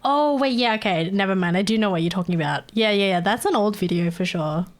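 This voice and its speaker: A woman's voice: medium pitch, quick pace, soft background music. A young Australian woman chatting casually on a live stream, laughing often and poking fun at accents. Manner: giggly, chatty, mocks accents.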